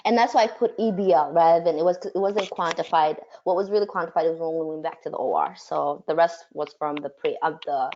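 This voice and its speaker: A woman doctor talks through a case quickly and matter-of-factly. Her voice sits very low. The call audio is muffled, with faint noise and clicks. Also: warm tone. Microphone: video call.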